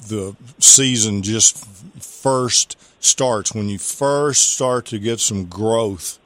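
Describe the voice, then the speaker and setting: A man's voice: on the low side, very slow, a bit bright, no room sound. A man hosting a call-in gardening radio show, giving rambling, folksy advice and spelling out product names.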